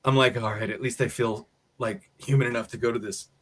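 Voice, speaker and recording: Animated American man telling a story. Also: mid-range voice, fairly quick. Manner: animated storyteller acting out quotes. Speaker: co-host. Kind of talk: casual chat, storytelling.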